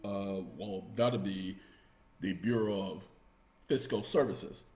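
A man voicing a bored government phone operator who answers flatly and hesitantly. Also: fairly low pitch, takes it slowly, voice pushed down.

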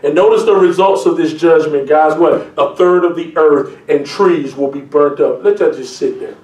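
A man preaching a sermon as pastor, reading scripture aloud and breaking into jokes and lively asides. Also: a little high, moderate pace, far from the mic. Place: church. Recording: echoey room, mic from afar.

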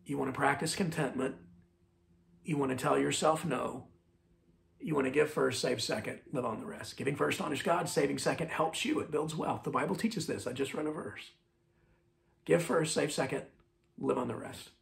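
A man's voice: medium pitch, normal speed, vocal fry. A male lead pastor preaching a sermon in a conversational way, often restarting words and repeating key phrases as a refrain.

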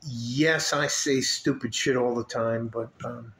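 A man's voice: mid-range voice, fairly even intonation, a little slow, fairly bright tone. A man from West Texas in a casual, joking, rambling talk to camera, drifting off topic as he goes. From West Texas, USA. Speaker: vlogger. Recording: roomy echo with faint noise.

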